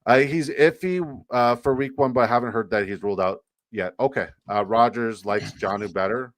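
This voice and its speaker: A man hosting a live fantasy football draft stream, talking fast in joking, profane banter. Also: medium pitch, no echo.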